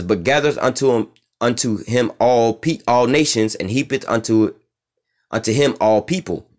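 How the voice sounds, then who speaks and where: A man giving casual, profane scripture commentary as a religious teacher, reading verses slowly and asking "all right?" again and again. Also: mid-range voice.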